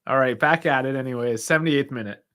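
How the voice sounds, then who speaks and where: A man's voice: medium pitch, quick pace, pushed and bright, clean tone. A young man hosting a football watch-along stream, chatting casually, reacting aloud with sighs and laughs and talking to his chat. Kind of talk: casual live match commentary.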